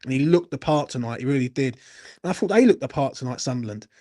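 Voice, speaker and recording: A man's voice: medium pitch, animated, fast, dark tone. A young man hosting a late-night football Q&A, blunt and sweary, a little tipsy as he answers chat comments. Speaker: football channel host.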